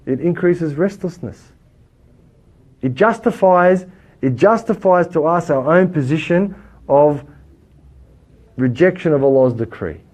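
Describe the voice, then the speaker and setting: Animated Australian man teaching a class. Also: fairly high pitch, a little slow, pauses often. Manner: animated, rhetorical questions, swings from loud to quiet. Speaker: religious teacher. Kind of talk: lively classroom lesson. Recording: dull lo-fi recording.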